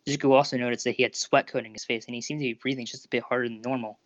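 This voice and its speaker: A narrator reading fan fiction aloud in a steady, even manner over a Discord call. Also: medium pitch, very fast, dry recording. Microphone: Discord voice call recording. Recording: dull lo-fi Discord audio.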